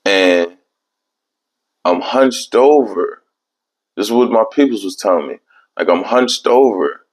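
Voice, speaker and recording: Young man, podcast host, casual storytelling, cursing freely, somewhat low voice. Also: animated, slow pace. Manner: profane, rambling, conversational.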